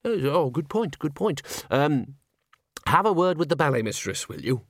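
A man puts on a fussy middle-aged businessman who frets and stammers, his voice jumping higher whenever money or trouble comes up. The delivery swings widely in pitch. It is close and dry, with no room in it. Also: very animated, normal speed, no room sound. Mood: fretful. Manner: flustered, blustering, stammering.

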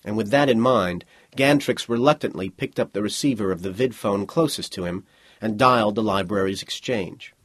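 Low, husky male storyteller. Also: moderate pace, dry recording. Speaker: audiobook narrator. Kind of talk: scripted narration of a science fiction story.

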